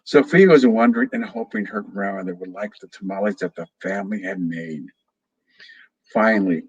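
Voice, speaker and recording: A man's voice: lowish voice, breathy edge, rough recording. A man, a children's author, reading a storybook aloud expressively to children. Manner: slow, expressive, addresses children. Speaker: guest reader, children's author.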